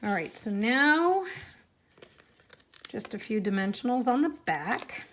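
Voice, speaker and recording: A woman's voice: fairly high pitch, sing-song, takes it slowly, slight background noise. A woman hosting a live-streamed card-making class, chatty and reacting to viewer comments as she works.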